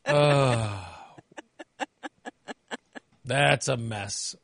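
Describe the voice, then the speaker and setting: A man's voice: medium pitch, drawn-out words, vocal fry, a bit bright, dry recording, studio quality. A man co-hosting a casual comedic podcast, telling stories animatedly and acting out his own reactions. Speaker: podcast co-host.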